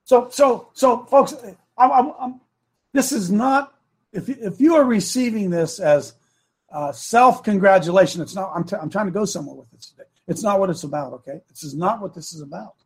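A man hosting a preaching talk show into a studio microphone. He talks emphatically, repeats his lines and slows right down to hammer his points. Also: high voice, slightly rough.

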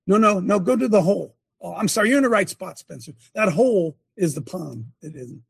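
A man's voice: high voice, animated, fairly quick, creaky, breathy edge, dry recording. An older man and former coach giving a sermon-like testimony, telling it emphatically with many repeats and restarts. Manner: breaks off to direct a helper at a screen.

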